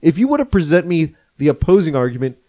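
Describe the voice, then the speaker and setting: A man's voice: fairly high pitch, sing-song, fast, dark tone. A man co-hosting a casual sports podcast, earnest and strongly opinionated. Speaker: podcast co-host. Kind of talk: casual chat.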